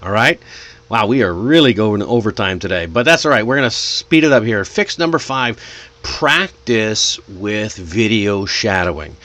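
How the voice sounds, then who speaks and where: A man giving an English pronunciation lesson, his voice swooping high and low as he demonstrates. He speaks at an unhurried pace and stretches out example words. His tone is energetic and encouraging throughout. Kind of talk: teaching lesson.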